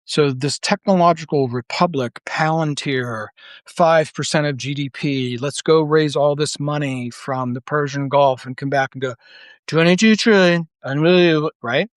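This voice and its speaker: A man's voice: mid-range voice, steady tone, normal speed, dry recording. A man delivering an unscripted monologue as an online commentator, heated and blunt, with profanity, rambling restarts and rhetorical questions.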